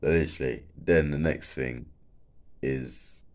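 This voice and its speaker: A man's voice: very deep voice, takes it slowly. A young man, a bit stoned, rambling casually and swearing a lot, peppering every sentence with filler words. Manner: rambling, swears a lot, fills with "like, literally" and "mate". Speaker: former football stadium security worker.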